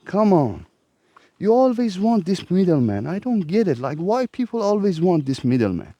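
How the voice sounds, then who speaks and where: A man's voice: high-pitched, sing-song, normal speed, mellow, no room sound, highs cut off. A man who hosts a self-help vlog, delivering a profane, exasperated ranting monologue. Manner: profane, emphatic, exasperated rant.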